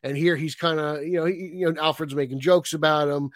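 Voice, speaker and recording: A man co-hosting a casual film podcast, relaxed and chatty, laughing often. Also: on the high side, a little fast, no echo. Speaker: podcast co-host.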